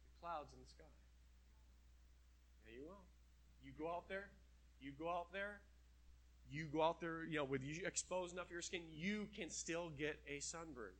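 A middle-aged male preacher with a notably high, brilliantly bright voice. He delivers his sermon with emphatic, animated energy, stretching out scripture passages for weight. The tone stays lively and direct throughout. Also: a little fast.

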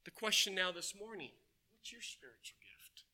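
Bright high-pitched male preacher. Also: normal speed. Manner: storytelling, animated, asks the congregation questions. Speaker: pastor. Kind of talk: sermon. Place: church.

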